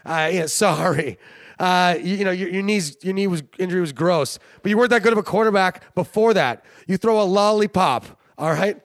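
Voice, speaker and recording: A man's voice: high-pitched, fairly quick, no room sound, clean studio sound. A man hosting a sports show, rambling and joking in casual commentary, often laughing. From Canada. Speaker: sports podcast host.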